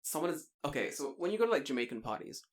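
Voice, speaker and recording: This is a man with a fairly high-pitched voice, chatting casually on a podcast. He tells stories with animated energy, trails off mid-sentence and drops the odd swear word. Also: very fast. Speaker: podcast co-host. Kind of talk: casual chat.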